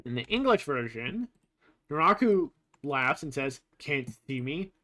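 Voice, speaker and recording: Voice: medium pitch, big pitch swings, measured pace, bright, forceful tone. A streamer casually commenting over gameplay while comparing translations, thinking aloud with fillers and the odd swear word.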